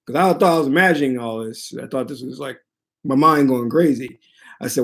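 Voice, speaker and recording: A man who teaches spirituality, retelling a personal story in an animated, dramatic way. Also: mid-range voice, brisk, vocal fry. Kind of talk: storytelling monologue.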